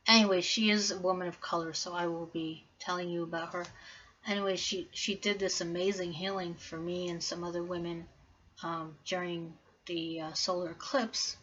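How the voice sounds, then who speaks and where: A woman talks casually to her viewers, rambling a little and filling gaps with "um" and "like". Her voice sits a bit low for a woman. The recording sounds dull and lo-fi. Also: flat delivery, normal speed, a bit bright. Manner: rambling, many fillers and restarts. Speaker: vlogger. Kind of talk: casual vlog talk.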